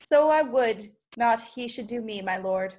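A witty, sharp-tongued young noblewoman, played by a teenage girl, tossing off quick mocking wordplay. The voice sits high. It comes through a home video call for a school Shakespeare play. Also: lively intonation. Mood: teasing. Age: late teens. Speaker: student actor.

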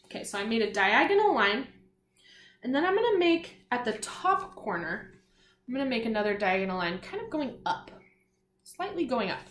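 A woman's voice: fairly high pitch, very animated, moderate pace, a bit bright, reverberant, slight background noise. A woman giving a patient, encouraging lesson to young children, sounding out letters and praising answers. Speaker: kindergarten teacher. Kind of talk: slow, clear classroom instruction to young children.

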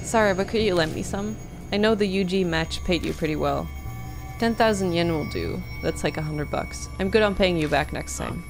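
A woman's voice: on the low side, normal speed, close to an everyday voice, low-quality recording. A woman voicing a shady, scrounging middle-aged male journalist who talks in a casual, wheedling way. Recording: game music playing behind.

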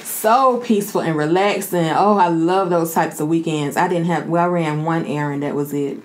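A woman's voice: sits low, normal speed. A woman hosting a mukbang video, chatting casually with viewers and calling them y'all. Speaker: mukbang host. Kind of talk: casual eating vlog chat.

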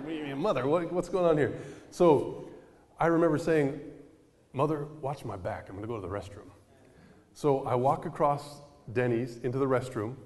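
A man preaching a sermon in a casual storytelling way, acting out the people in his anecdotes. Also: mid-range voice. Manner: animated storyteller, acting out quoted voices. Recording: reverberant hall.

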